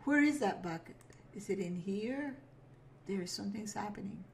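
A gaming video creator provides casual let's play commentary in a medium-pitched, gravelly voice with lively intonation at normal speed, a little hiss or hum in the background. She chats to herself as she plays, giggling through her apologies.

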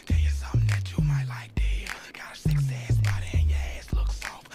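Man doing whispered role-play, sleazy flirt, breathy whisper, loud music under it. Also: lowish voice, very animated, fairly quick. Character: sleazy male flirt whispering crude come-ons.

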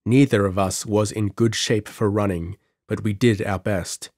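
A man narrating a pulp adventure story in an audiobook with measured, dramatic delivery. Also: on the low side, fairly even intonation, darkish tone, dry recording, studio quality.

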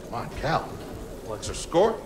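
An actor playing a blunt male coworker in a video game, with a gravelly voice. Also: medium pitch, big pitch swings, moderate pace, background noise, lightly acted.

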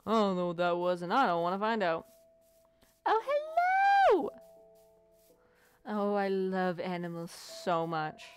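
A woman's voice: on the low side, steady tone, moderate pace, few pauses, loud music behind the voice. A woman casually commentating her gameplay, playful and foul-mouthed, chatting to the animals she meets. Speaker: let's play gamer.

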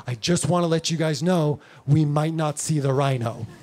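A man voicing a laid-back tour guide who talks flatly and matter-of-factly. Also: fairly high pitch, moderate pace, pitched below the performer's own voice, natural voice. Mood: deadpan.

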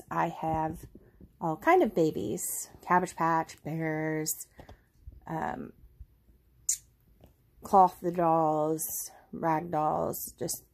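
A woman's voice: lowish voice, darkish tone. A woman, a doll collector chatting casually and rambling a little as she opens a parcel on camera. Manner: chatty, rambling, folksy with "y'all". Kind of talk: casual unboxing chat.

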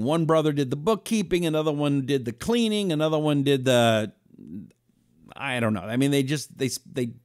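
A man's voice: a little high, no echo, studio quality. A man hosting a talk radio show, telling stories and acting out quotes. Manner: animated storytelling, acting out quotes.

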